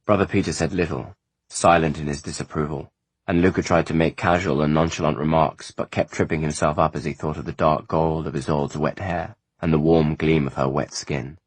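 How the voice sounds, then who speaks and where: A man narrating an audiobook in a measured, even storytelling manner. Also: a bass voice, slightly rough, dry recording.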